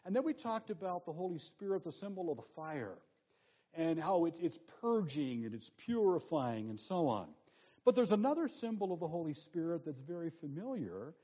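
A man preaching a sermon as pastor, emphatic, asking rhetorical questions and slowing down on key phrases. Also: fairly high pitch, lo-fi sound.

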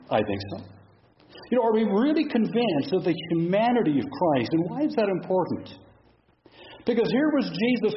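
A man's voice: high-pitched, highs cut off, a little hiss or hum. A middle-aged man preaching a sermon in a church, reflective and asking the congregation question after question. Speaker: pastor.

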